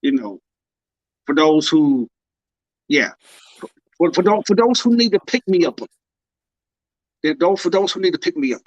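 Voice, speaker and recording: A man with a slightly high voice, telling a story with playful mock tears. His voice sounds dry and a little dull, like lo-fi call audio. He talks in relaxed podcast chat. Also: moderate pace, pauses often, dry recording. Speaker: podcast co-host. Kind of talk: casual chat.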